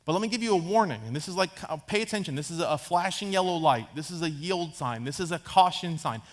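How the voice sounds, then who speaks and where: High-voiced pastor preaching casually. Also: male voice, animated, fast. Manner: conversational preaching, acts out Bible characters in casual asides. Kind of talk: sermon. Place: church sanctuary.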